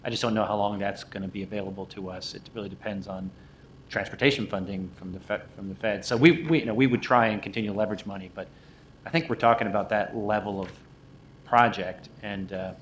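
Man, lowish voice, agency staffer, halting, repeats words, faint rumble. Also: fairly even intonation, low-quality recording. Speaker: development agency staff member. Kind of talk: answering questions at a council meeting.

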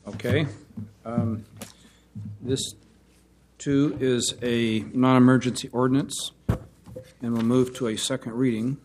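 A man of middle pitch runs a council meeting and announces procedural matters. He speaks in a businesslike way, with brief hesitations between items. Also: little pitch movement, slow, long pauses, darkish tone, slight background noise.

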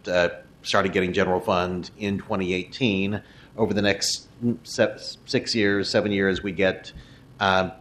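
A man's voice: low-pitched, a bit bright, slight background noise. A man speaking as a city council member at a formal meeting, working through budget figures aloud with frequent restarts.

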